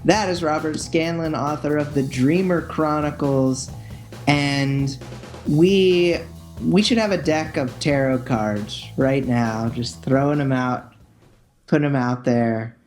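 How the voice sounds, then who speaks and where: A man hosting a podcast talks in an upbeat, joking way, with a mid-high voice for a man. He often doubles back and repeats a word before finishing his thought. It is relaxed, casual chat into a podcast mic. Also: slow, soft background music. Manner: upbeat, jokey, repeats words as he restarts. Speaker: podcast host.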